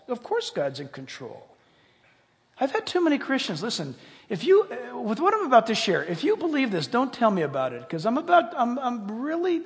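A man pastor preaching a sermon with emphasis, swinging between loud passages and hushed ones. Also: high-pitched. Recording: long hall reverb.

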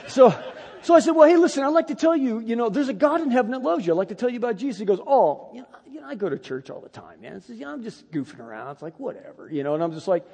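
A middle-aged man preaching a sermon, telling a personal story with animated, emphatic delivery. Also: very high voice, rapid-fire, breathy edge, in a large hall. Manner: animated storytelling, rising to loud emphatic peaks.

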